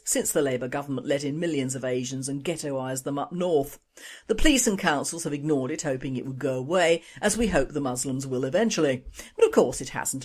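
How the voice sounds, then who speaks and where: A woman hosting a radio opinion news show, scornful and sardonic. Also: a bass voice. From Britain.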